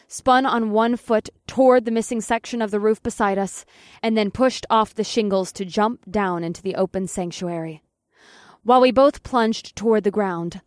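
A woman narrating a first-person audiobook in a steady, matter-of-fact voice, with casual swearing. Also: medium pitch, no room sound, studio quality.

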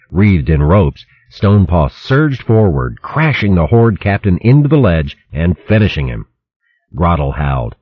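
A man narrating a fantasy adventure in a dramatic, expressive audiobook reading. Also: deep voice, moderate pace, husky, no room sound. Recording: dull lo-fi recording.

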